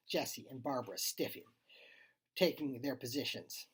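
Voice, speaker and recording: Storybook reader, husky, expressive, acts out the lines, mid pitch. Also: moderate pace. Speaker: reader of a child's short story. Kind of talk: storybook read-aloud.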